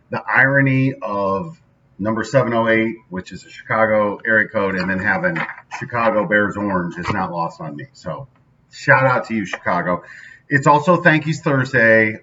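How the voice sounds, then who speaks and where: Energetic man, lo-fi and distant. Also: fairly low pitch, slight background noise. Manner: energetic, conversational, emphatic. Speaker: daily podcast host. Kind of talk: casual solo motivational talk. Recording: dull lo-fi sound from a distance with faint ambience.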